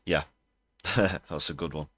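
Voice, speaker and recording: A man's voice: very deep voice, fairly even intonation, slow, fairly bright tone, husky, dry recording. A British man hosting a political livestream, talking bluntly and scornfully, with fillers as he thinks aloud. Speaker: host.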